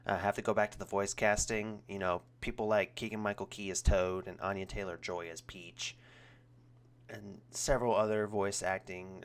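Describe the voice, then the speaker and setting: A young man giving a casual, rambling movie review, full of ums and restarts, getting more animated when he criticizes. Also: fairly low pitch, clear, resonant tone.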